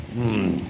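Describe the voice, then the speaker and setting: A man with a fairly low voice chats loosely to his viewers, talking with food in his mouth and drifting between small talk and complaints. Faint noise hums behind him at home. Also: creaky. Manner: rambling, eats while talking, grumbling. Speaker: vlogger. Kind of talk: casual eating vlog chat.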